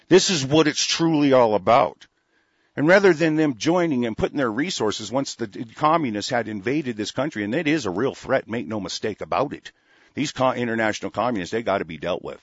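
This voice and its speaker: Man, gravelly and husky voice, fiery profane rambling rant, dry dull recording. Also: medium pitch, big pitch swings, a little fast, no echo. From Oregon, USA. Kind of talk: angry political rant. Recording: dull lo-fi close mic.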